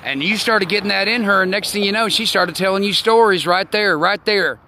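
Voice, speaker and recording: Man in his sixties, high bright voice, folksy preachy rant, faint traffic behind. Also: fairly quick. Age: 60s. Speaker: online talk show host. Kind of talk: rambling outdoor monologue.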